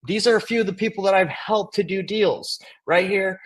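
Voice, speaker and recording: An energetic young man runs a live-streamed coaching lesson, talking straight to his viewers with hype and enthusiasm. His voice sits a little high for a man. He speaks from a converted farm workshop. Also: moderate pace. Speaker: real estate wholesaling coach.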